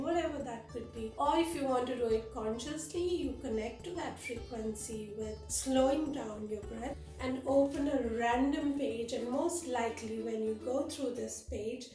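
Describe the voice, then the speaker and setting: A woman yoga teacher speaking earnestly to her channel viewers, telling a personal story with gentle emotion. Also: on the high side. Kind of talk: spiritual talk to camera. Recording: roomy echo, voice from a distance.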